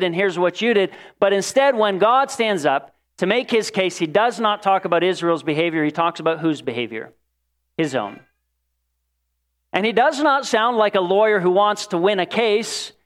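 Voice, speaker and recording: Expressive preaching man, slightly high voice. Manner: expressive preaching, dramatic quoted voices, swings loud and soft. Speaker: pastor. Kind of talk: sermon.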